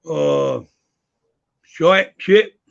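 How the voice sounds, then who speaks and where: English guy guest, gravelly, slightly high voice, muffled lo-fi call audio. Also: very slow. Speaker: interview guest, wrestler and promoter. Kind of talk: casual interview chat.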